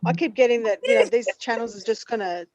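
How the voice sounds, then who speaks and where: A woman's voice: a little high, fast, no room sound. A woman chatting casually on a video call, telling stories with lots of laughter. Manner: laughs often, animated storytelling. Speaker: guest. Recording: dull, dry video call audio.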